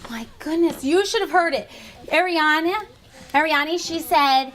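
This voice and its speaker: Woman teacher, high bright pitch, encouraging and animated, classroom with faint background noise. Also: a little slow. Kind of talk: classroom teaching to young children.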